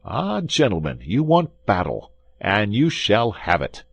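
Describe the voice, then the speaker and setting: A man's voice: on the low side, huge pitch swings, a little slow, gravelly, slightly rough, dry recording, voice pushed up, full character voice. A man voicing a bold young male swordsman from a classic adventure audiobook, firm and commanding with a raised voice.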